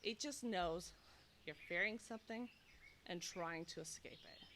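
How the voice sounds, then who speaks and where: Nurse host, woman, 30s, bright and animated, a bit breathless, outdoor clip-on mic. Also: on the low side, measured pace, a little hiss or hum. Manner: animated, acts out anxious inner thoughts. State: slightly out of breath. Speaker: nurse and sleep coach. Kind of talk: casual direct-to-camera advice talk. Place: outdoors in humid heat. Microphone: clip-on mic, loosening.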